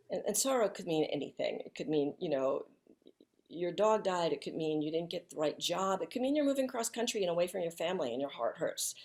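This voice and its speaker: A woman speaking as a guest in an interview, talking softly and reflectively with many restarts, over a video call. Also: on the low side, expressive. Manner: soft-spoken, halting, with frequent restarts.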